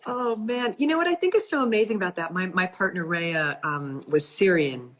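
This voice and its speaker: A woman's voice: on the low side, expressive, moderate pace, a little hiss or hum. A woman hosting a book club conversation, reflective and thoughtful as an interviewer.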